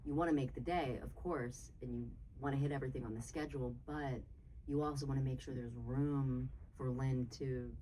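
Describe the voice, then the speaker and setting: A woman's voice: a bass voice, fairly even intonation, a little fast, warm tone, slight background noise. A woman producer speaking on a live Q&A panel, chatty and eager, talking in long connected thoughts, picked up from a distance. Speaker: film producer, panel guest. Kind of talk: casual Q&A talk. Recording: voice picked up from far off.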